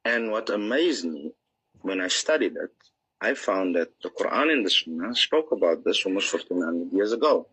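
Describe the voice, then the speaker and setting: A man's voice: sits low, animated, normal speed, a bit bright, slightly rough, low-quality recording. A man being interviewed as an author, explaining his ideas in an earnest, teaching manner and acting out examples. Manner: earnest, explanatory, acts out inner voices. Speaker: author guest.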